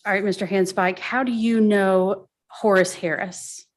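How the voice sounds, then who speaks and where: A woman attorney questioning a witness in court, methodical and brisk, steering the answers with short questions. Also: medium pitch, steady tone.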